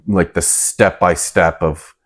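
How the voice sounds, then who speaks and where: A man's voice: deep voice, steady tone, takes it slowly. A young man co-hosting a podcast in casual chat, laid-back and hedging with "kinda" and "right?". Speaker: podcast co-host.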